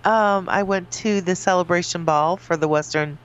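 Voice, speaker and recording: A woman's voice: normal speed, clean tone. Brief: female radio co-host, understated replies, slightly muffled audio. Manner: short, low-key replies. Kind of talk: casual radio banter.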